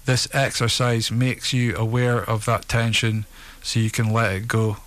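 A man in a middle register guides listeners through a relaxation session. His pace is unhurried and his instructions come calm and steady, one step at a time. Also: medium pitch.

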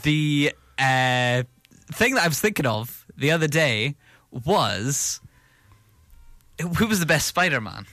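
British podcast guy, bright punchy voice, rambly casual film chat. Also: on the high side, expressive, takes it slowly, dry recording, clean studio sound. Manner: rambling, restarts with repeated words. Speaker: podcast co-host.

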